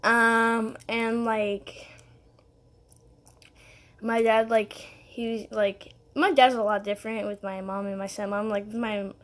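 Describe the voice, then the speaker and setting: A young woman vlogs straight to her viewers, telling a story in a loose, rambling way. Her voice sits a little high, and she fills it with "like," "um" and small giggles. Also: level tone, slow. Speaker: vlogger. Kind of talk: casual storytelling to camera.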